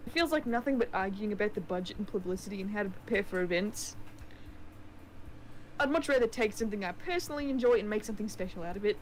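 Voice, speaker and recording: A woman's voice: mid-range voice, expressive, fast talker, a little hiss or hum, close to an everyday voice. A woman voicing a sweet, popular teenage schoolgirl who runs a club, speaking with a put-on New Zealand accent while reading a visual novel aloud. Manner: bubbly and coaxing.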